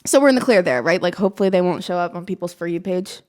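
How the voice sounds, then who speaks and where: A woman's voice: fairly low pitch, very fast. A woman in her twenties, a college student from Maryland, talking to the camera in a casual, self-mocking chat with a slight put-on Southern twang and frequent laughs. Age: 20s. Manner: chatty and animated, self-mocking, laughs often. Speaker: vlogger. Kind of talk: casual stream-of-consciousness chat.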